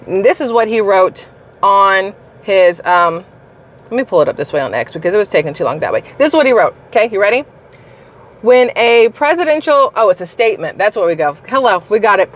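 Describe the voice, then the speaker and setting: A woman's voice: medium pitch, lively intonation, fairly quick. A woman ranting about politics in a heated, blunt and profane way, addressing her viewers directly. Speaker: political commentary vlogger.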